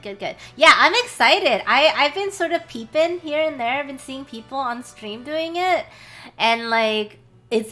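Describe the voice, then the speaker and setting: A young woman from the United States, a streamer, chatting casually with her chat from a warm small room, swearing and laughing often. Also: fairly high pitch.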